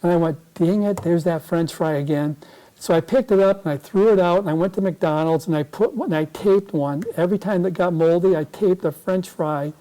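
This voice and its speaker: A man's voice: high-pitched, fairly quick, hardly any pauses, warm tone, rough recording. Older man telling a rambling story. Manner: rambling, repeats words as he restarts, folksy. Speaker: guest speaker. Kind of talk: anecdotal storytelling talk. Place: club meeting room.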